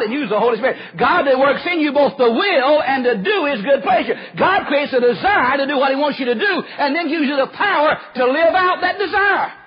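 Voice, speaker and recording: A man preaching a folksy storytelling sermon, acting out the quoted voices and dropping to a hush at times. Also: extremely high pitch, slightly rough. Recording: muffled lo-fi recording.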